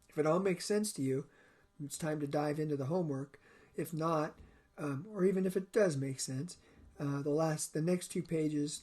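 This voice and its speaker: A man with a husky, mellow voice delivers a recorded college chemistry lecture. He explains each step in short, measured phrases, sitting a little high for a man's voice.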